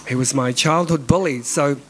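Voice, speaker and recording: New guy telling a personal story, candid, swears a lot, mid pitch, bit of faint hiss behind. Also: normal speed, a bit bright, poor audio. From New Zealand. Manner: candid, swears freely, drops to whispers. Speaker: dance company director telling a personal story.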